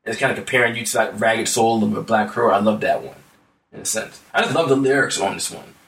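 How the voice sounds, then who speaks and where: A man's voice: fairly low pitch, quick pace, vocal fry, a bit bright, reverberant, recorded from a distance. A man talks through songs in a loose, rambling way, his words full of fillers and restarts. He sits a little back from the mic, and the room around him rings. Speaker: podcast co-host. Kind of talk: casual music chat.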